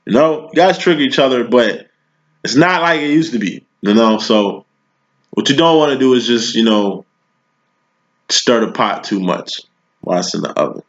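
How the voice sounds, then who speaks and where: Man, tarot reader, laid-back slangy preaching, mid-pitched voice, muffled lo-fi sound. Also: animated, moderate pace. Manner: slangy, preachy, keeps asking "you know what I'm saying". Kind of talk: casual tarot reading monologue. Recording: dull lo-fi recording.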